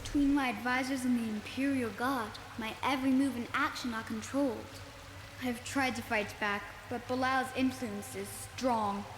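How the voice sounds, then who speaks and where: A woman's voice: fairly high pitch, fairly even intonation, normal speed, noisy background, close to an everyday voice. A woman voicing an earnest young boy emperor in a video game, speaking formally with a put-on British-sounding accent. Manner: formal, urgent, pleading. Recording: roomy game audio with loud music.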